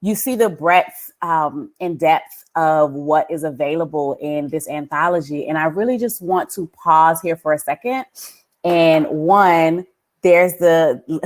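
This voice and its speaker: A woman moderating an online panel over a video call, chatty and relaxed, with a light lilt. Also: low-pitched, unhurried. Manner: warm, chatty, laughing asides. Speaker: event moderator.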